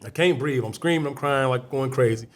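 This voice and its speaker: A man's voice: medium pitch, a little fast. A man from Chicago, a guest comedian, telling a story in a casual interview, acting out scenes and voices vividly.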